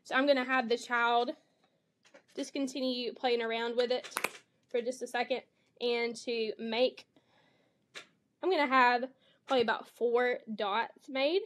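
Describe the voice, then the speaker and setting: A woman teacher with a fairly high voice talks through a model reading lesson for young children. She explains each step clearly. She reads the animal sounds with lively expression. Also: measured pace, long pauses.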